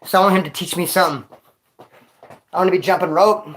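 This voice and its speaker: A man's voice: sits high, fairly even intonation, fast talker, fairly bright tone. A man telling stories on a casual vlog into his phone, winded after exercise, talking street slang and calling the listener dog and homie. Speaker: vlogger.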